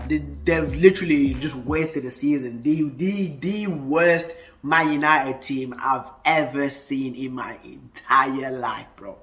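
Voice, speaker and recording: A man's voice: medium pitch, bright, forceful tone. A man, ranting about football in a casual vlog, heated and full of stuttering restarts. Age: 20s. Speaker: football fan vlogger.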